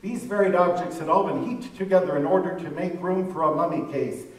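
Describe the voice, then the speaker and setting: A man narrating a classic tale as a dramatic reading, in a measured, vivid storytelling manner, recorded in an echoey room from far off. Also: a little high.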